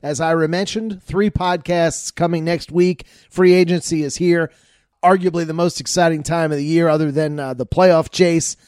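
A man hosting a sports podcast, wrapping up an interview and reading promos in quick, upbeat host patter. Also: fairly high pitch, steady tone, darkish tone, dry recording, clean studio sound. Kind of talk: radio-style sign-off and promo.

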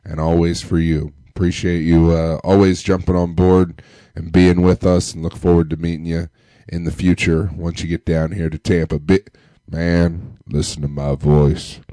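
A man hosting a casual sports fan podcast, talking while sick with a deep, congested voice and a loose, joking manner. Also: little pitch movement, moderate pace, mellow, no echo. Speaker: podcast host. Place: Tampa area.

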